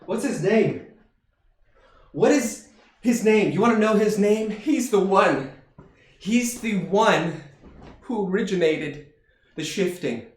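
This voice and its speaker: A chatty live streamer riffing in improv comedy and talking straight to the audience in a mid-pitched voice. The room adds a noticeable echo. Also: takes it slowly. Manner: chatty, jokey, addresses viewers directly. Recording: roomy echo.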